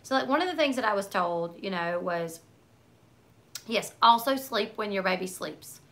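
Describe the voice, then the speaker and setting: In a casual livestream chat, a woman in her thirties answers viewer comments as they roll in, speaking at medium pitch and normal speed. There's a bright, forward edge to her voice. She's chatty and meandering, stringing sentences together with many likes and asides.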